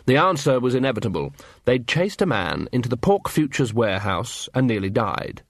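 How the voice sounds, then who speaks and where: A man's voice: mid-range voice, big pitch swings, moderate pace, no room sound. Man narrating a story, dry sound. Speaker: audiobook narrator. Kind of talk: scripted narration.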